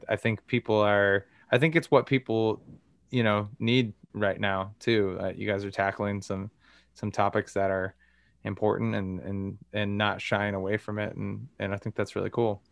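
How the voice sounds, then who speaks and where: A man co-hosting a casual podcast, halting and joking. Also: on the low side, vocal fry, no echo. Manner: hesitant, many restarts, joking. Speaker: podcast co-host.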